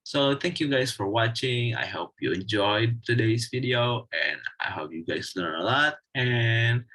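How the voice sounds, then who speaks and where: A man's voice: mid-range voice, lively intonation, measured pace, sharp tone, low-quality recording. A young man presenting a video lesson, explaining step by step and reading example sentences aloud. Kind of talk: scripted lesson narration.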